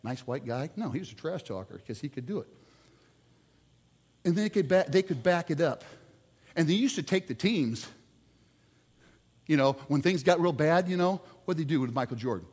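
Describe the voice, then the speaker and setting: A man preaching a sermon, telling sports stories with lively swings between loud outbursts and quiet asides. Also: a little high, moderate pace, long pauses, slightly rough, long reverb tail.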